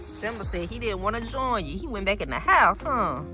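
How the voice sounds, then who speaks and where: A woman talks casually to her viewers about her dogs, with an easygoing, chatty manner. Her pitch sits in a middle range for a woman but moves a lot as she talks, rising and falling in an animated way. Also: moderate pace, over music. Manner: chatty and animated, uses y'all, narrates her dogs' reactions. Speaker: vlogger and dog owner. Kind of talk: casual chat to camera.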